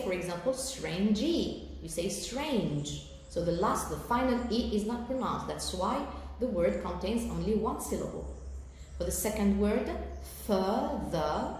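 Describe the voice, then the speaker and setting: Algerian-accented woman teacher, mid pitch, patient lesson delivery, faint hiss behind. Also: animated, darkish tone. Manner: slow, careful explanations with fillers and check-in "okay?". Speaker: English teacher. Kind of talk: recorded televised lesson. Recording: very echoey room with faint background noise.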